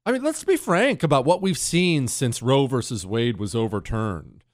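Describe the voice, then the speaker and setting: A middle-aged man hosting a talk radio show, delivering an opinionated monologue in an animated, indignant way that swings between loud outbursts and quiet asides. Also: mid-range voice, moderate pace, no echo, clean studio sound.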